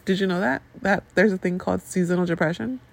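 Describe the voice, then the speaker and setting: A woman's voice: fairly low pitch, fast, creaky. A woman hosting a podcast, venting in a rambling, casual way and swearing freely. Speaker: podcast host. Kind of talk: casual chat. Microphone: podcast mic.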